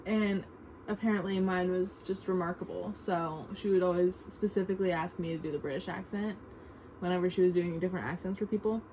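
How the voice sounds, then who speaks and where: A woman's voice: on the low side, steady tone, fairly quick, dark tone. A teenage girl hosting a casual question-and-answer chat with a friend, rambling and giggly, with lots of "like". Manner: chatty, giggly, rambling with many "like"s. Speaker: video host. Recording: noisy home recording.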